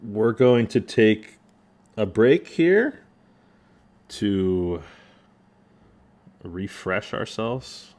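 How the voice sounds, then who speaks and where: Deep-voiced man hosting a casual podcast. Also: big pitch swings, very slow, long pauses, darkish tone. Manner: loose and jokey, with lots of "like" fillers. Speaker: podcast host. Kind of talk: casual chat.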